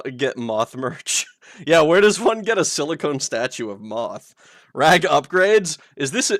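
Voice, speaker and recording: A man's voice: a little high, a bit bright, dry recording, studio quality. A man streaming live in a playful, teasing way, reading chat aloud and laughing often.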